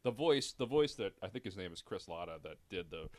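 A man's voice: sits low, expressive, a little fast, darkish tone. A man talking casually as a podcast guest, profane and rambling, laughing through his stories.

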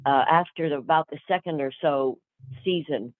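An older woman, an actress guest, telling chatty stories in a lively way with many fillers. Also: low-pitched, moderate pace, dry recording. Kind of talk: storytelling interview answers. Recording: tinny phone-like line.

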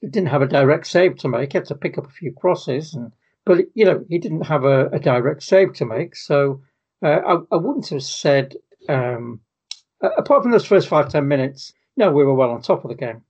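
A man, a podcast co-host, giving measured and somewhat hesitant answers in a casual football chat. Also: a little high, lively intonation, a little mellow, breathy edge. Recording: muffled lo-fi audio.

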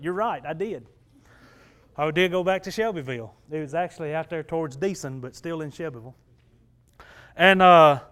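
A man preaching a sermon, telling a personal story in an animated, folksy way that swings into loud exclamations and laughs at himself. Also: a little high, clean tone. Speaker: pastor.

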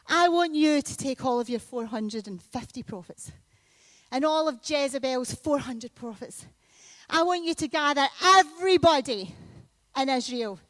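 A woman preaching a sermon in a church, telling a story with lively bursts of loud emphasis. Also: high-pitched, no echo. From Scotland. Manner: animated storytelling with sudden loud peaks.

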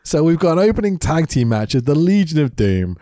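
A man's voice: on the high side, sing-song, fairly quick, warm tone, no room sound. Man, sore throat, casual co-host chat, laughs often, dry recording. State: recovering from a throat infection. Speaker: podcast co-host.

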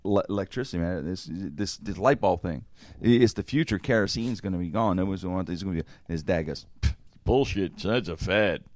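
A man's voice: low voice, fast talker, a little mellow. A man hosting a podcast, telling a long story in casual, profane chat and acting out the quotes. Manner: rambling, profane, acts out quotes. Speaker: podcast host.

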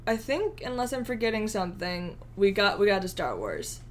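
A woman's voice: mid-range voice, sing-song, normal speed. A woman co-hosting a casual fan podcast, chatting in a rambling way and acting out what others said. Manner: chatty, rambling, acts out quotes. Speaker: podcast co-host.

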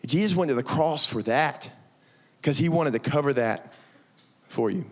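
A young man preaching a lively, conversational sermon to middle schoolers, acting out quotes and saying y'all. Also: on the high side, normal speed. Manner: animated, conversational, says y'all, acts out quotes. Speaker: youth pastor. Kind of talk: youth sermon.

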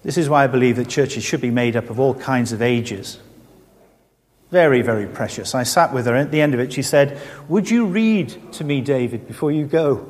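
A middle-aged man preaching in a church hall, earnest and full of rhetorical questions. His mid-pitched voice carries a long reverb from the room. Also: moderate pace, darkish tone. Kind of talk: sermon.

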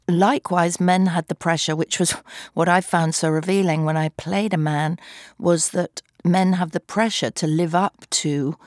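A woman's voice: low-pitched, no room sound, studio quality. A middle-aged woman, a stage actor, giving thoughtful, articulate interview answers and sometimes searching for the right word.

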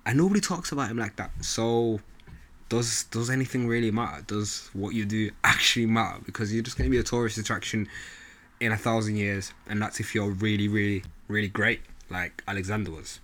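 A man's voice: fairly low pitch, steady tone, fairly quick, fairly bright tone. A young man, talking casually to camera in a slangy, rambling opinion rant. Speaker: vlogger.

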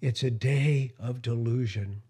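A male radio host speaking in an emotional podcast monologue, with a voice of ordinary middle pitch. He grows impassioned and climbs higher when he is outraged. Strong feeling sometimes makes him halt and restart his words. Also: a little slow, dark tone, husky.

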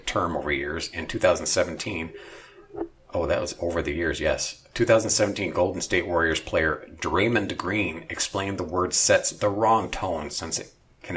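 A man's voice: low-pitched, normal speed, fairly bright tone. A man co-hosting a talk show, reading out news stories and breaking into sarcastic asides. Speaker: co-host. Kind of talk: news commentary and banter.

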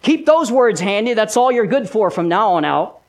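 A man voicing a taunting male devil who sneers and jeers at his victim, in a raised, louder voice than his preaching. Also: high voice, very animated, moderate pace. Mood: mocking. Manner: jeering, scornful taunts.

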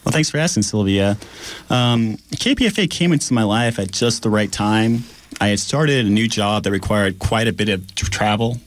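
A man co-hosting a community radio show, telling his story in an animated, chatty way with plenty of fillers. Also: on the low side, normal speed. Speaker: radio apprentice co-host. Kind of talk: casual radio chat. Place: radio studio.

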